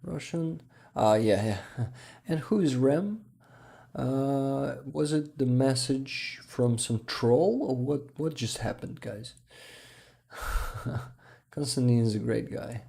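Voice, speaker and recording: A tired man hosting a casual livestream and reading out viewer comments in a hesitant, halting way, often restarting and chuckling softly. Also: medium pitch, expressive, creaky. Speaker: livestream host.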